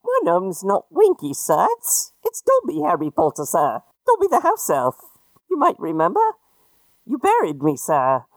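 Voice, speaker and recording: Squeaky, stammering little house elf, humble and eager, high voice swooping wildly, dry mic. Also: male voice, huge pitch swings, moderate pace, no echo, heavily acted, poor audio. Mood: timid, eager. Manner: stammering, deferential. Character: meek, eager male house elf, small. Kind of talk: ad-lib story game.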